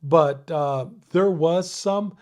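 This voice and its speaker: A Mexican-born older man, a retired police detective, telling stories in a casual interview, animated and profane, dropping "dude" and "you know what I mean" all through. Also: fairly high pitch, drawn-out words.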